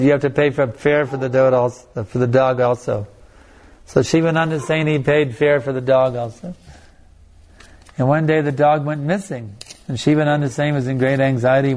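A man's voice: mid-range voice, a little mellow. A man as a spiritual teacher telling stories and answering audience questions, with many restarts and laughs. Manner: storytelling with frequent restarts and laughs.

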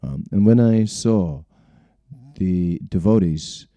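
In a low, mellow voice and at a slow pace, a man who isn't an English speaker rambles through stories from his own life, recounting his spiritual journey. He chuckles often and tags on "right?" again and again. There is no room sound.

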